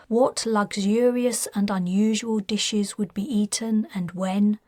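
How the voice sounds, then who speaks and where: Woman reading her own sci-fi audiobook, unhurried and measured, dry close sound. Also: medium pitch, darkish tone, dry recording. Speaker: author and audiobook narrator. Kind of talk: scripted audiobook narration.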